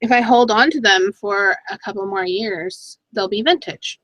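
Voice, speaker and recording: A middle-aged woman chatting casually in a thrift haul vlog, excitable and talking to herself as she goes through her finds. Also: medium pitch, moderate pace, no room sound, low-quality recording. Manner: chatty, excitable, talks to herself while browsing items. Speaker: thrift reseller vlogger.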